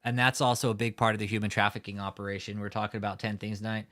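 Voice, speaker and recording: A man's voice: on the low side, level tone, racing, a bit bright. A man hosting a live stream, talking in a heated, profane rant and often swearing. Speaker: livestream host. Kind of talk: angry live-stream commentary.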